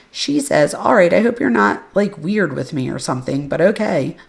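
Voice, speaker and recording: A woman's voice: lowish voice, lively intonation, moderate pace, creaky. A woman hosting a podcast, reading case records and message exchanges aloud with casual, blunt asides. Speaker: podcast host.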